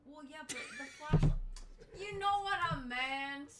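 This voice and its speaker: Bantering woman, a bit high, loud game music over her. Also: expressive, unhurried. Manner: teasing, stubborn banter. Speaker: co-host friend. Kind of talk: casual gaming chat.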